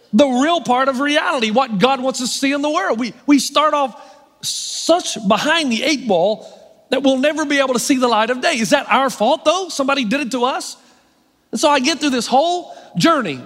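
A middle-aged man preaching a sermon as pastor, wry and self-mocking, shifting into animated preaching. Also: very high voice. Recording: long hall reverb.

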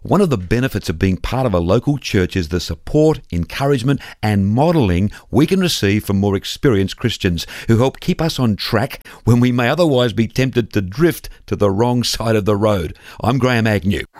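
Aussie guy, middle-aged, low voice, dry close sound, calm devotional story. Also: no echo. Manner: storytelling, measured and reflective. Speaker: devotional presenter. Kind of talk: scripted devotional reflection.

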